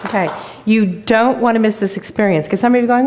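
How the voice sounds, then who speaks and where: A woman's voice: on the high side, fast talker, background noise. A woman guest speaker giving an enthusiastic motivational talk in a church, telling a joke story. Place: church sanctuary.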